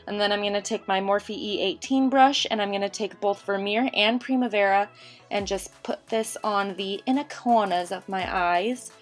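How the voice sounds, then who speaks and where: A young woman recording a casual voiceover for a makeup tutorial, chatty and rushed, a little out of breath and tongue-tied. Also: mid-range voice, soft background music. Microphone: home voiceover mic.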